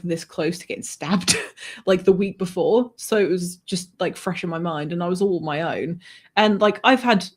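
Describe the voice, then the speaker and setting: A woman guest telling a personal anecdote in a lively, conversational way, often laughing and swearing. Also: on the low side. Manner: animated, laughing, swears freely. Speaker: author guest. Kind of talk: conversational storytelling.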